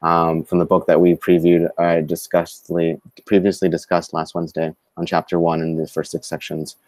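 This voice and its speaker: A man co-hosting a live-streamed talk show, speaking in a halting way with many fillers and restarts. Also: low-pitched, completely flat delivery, darkish tone, no room sound. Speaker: co-host. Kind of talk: live-streamed casual discussion.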